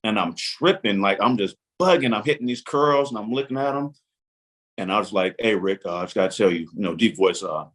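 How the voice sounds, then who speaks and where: Man, forties, fairly low voice, storytelling, acts out his own thoughts and the other people's lines. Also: a little fast, fairly bright tone. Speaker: podcast guest. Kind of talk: animated storytelling.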